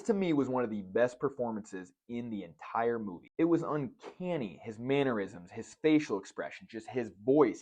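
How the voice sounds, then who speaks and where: A man giving a casual, joking movie review, swearing freely as he talks. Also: mid-range voice. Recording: dull lo-fi recording.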